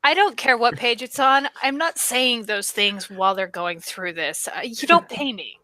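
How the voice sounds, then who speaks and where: A woman in a comedy stream, dropping deadpan asides. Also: fairly high pitch, moderate pace, no room sound, poor audio. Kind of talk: improvised comedy banter.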